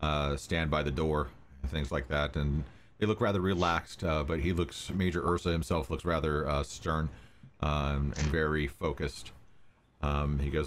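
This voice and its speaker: A man runs a tabletop adventure with an extremely deep voice. He narrates loosely, with frequent ums and uhs, and a faint hiss sits under him. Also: fairly even intonation, normal speed. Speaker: game master.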